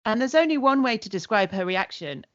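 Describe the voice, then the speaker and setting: A woman's voice: fairly high pitch, big pitch swings, a little fast, no echo, highs cut off. A woman co-hosting a casual podcast, blunt and sweary, recapping shows with quoted asides. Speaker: podcast co-host. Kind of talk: casual chat.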